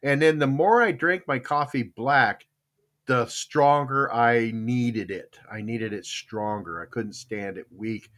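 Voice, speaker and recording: A man's voice: mid-range voice, slow pace, a bit bright. An older man hosting a casual podcast and chatting with a live chatroom, telling long rambling stories full of fillers and restarts, often with a chuckle. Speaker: podcast host.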